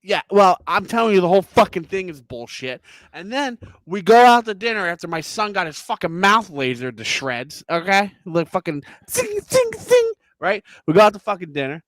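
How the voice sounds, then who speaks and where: A man's voice: sits high, fairly quick, few pauses, no room sound. A man, ranting and swearing as a podcast co-host in casual chat. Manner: profane, heated, animated ranting.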